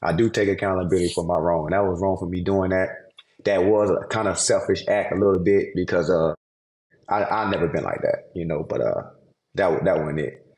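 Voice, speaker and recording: A pro football player talking casually on a podcast, laid-back and rambling with frequent fillers. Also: male voice, deep voice, steady tone, fairly quick, echoey room. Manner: laid-back, rambling, drops into a softer apologetic tone.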